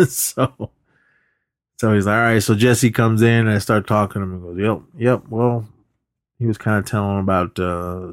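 A man with a fairly low voice chats casually on a podcast, retelling a movie plot with plenty of ums and uhs and restarted sentences. His voice is close and dry, with no room sound around it. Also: no echo. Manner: rambling, lots of fillers and restarts. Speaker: podcast co-host. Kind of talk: casual movie recap chat.

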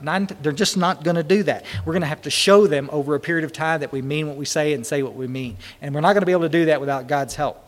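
A man's voice: on the high side, a bit bright, in a large hall. A man answering questions at a recovery meeting, talking in an emotional, rambling, folksy way.

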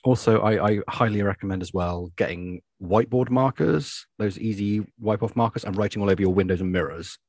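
Husky-voiced man co-host with a campy wit. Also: on the low side, a little fast, few pauses, darkish tone, no echo. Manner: campy, dry humor. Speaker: podcast co-host. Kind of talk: casual chat and campy outro.

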